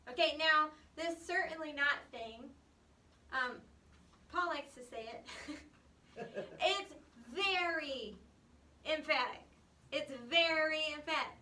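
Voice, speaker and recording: A woman's voice: high-pitched, slow, pauses often, bright, forceful tone. A woman teaching a Bible class, emphatic and explanatory, often stopping with "um" and "okay". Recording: echoey room recorded from far off.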